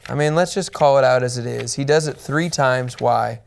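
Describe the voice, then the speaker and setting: A man's voice: mid-range voice, moderate pace, vocal fry, clean tone. A man teaching the Bible as a pastor, earnest and emphatic, repeating his key points.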